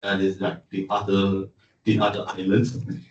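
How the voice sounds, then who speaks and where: A male student with a Malaysian English accent and a fairly low voice introduces himself, hedging with "like" and "lah". The recording is dull and distant, with room echo. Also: monotone, a little slow. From Sabah, Malaysia. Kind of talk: self-introduction in class. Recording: dull echoey classroom, distant mic.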